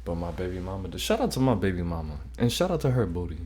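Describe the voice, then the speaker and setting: A man's voice: deep voice, very animated, quick pace, darkish tone. A man hosting a reaction video, making loose, profane, joking asides between clips. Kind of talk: casual reaction commentary.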